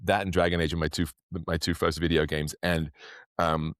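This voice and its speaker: A man with an English accent, a podcast guest, chatting casually in a rambling, animated way. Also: deep voice, a little fast, clear, resonant tone, no echo, studio quality. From England. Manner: rambling, animated storyteller who acts out quotes. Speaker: podcast guest, actor and magician. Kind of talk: casual interview chat.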